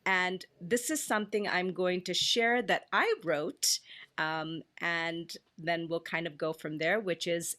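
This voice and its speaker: A woman's voice: on the low side, steady tone, takes it slowly, sharp tone. A woman hosting a podcast, speaking in an effusive, grateful way to her guests. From family in India. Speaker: podcast host. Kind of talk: heartfelt podcast talk.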